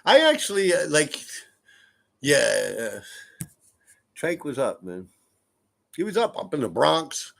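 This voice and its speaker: Gravelly, animated New man. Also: fairly high pitch, slow, long pauses. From New York City. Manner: profane, rambling, laughs a lot. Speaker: livestream host. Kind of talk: casual livestream storytelling. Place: room in a ground-floor apartment.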